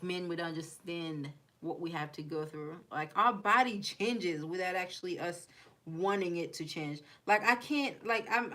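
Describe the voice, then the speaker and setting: A young woman with a blended Haitian and Kentucky accent talks loosely to her live-stream viewers, rambling from one thought to the next and reading their comments aloud. Her voice sits a little low for a woman, and she breaks into giggly asides often. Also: fairly bright tone. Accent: mixed Haitian and Kentucky. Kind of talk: casual live-stream chat.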